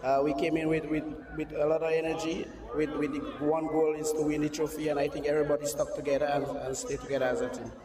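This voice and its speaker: A man's voice: a little high, little pitch movement, quick pace, few pauses, a crowd in the background. A man, a team captain answering post-match questions hesitantly with many fillers. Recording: echoey, distant, noisy.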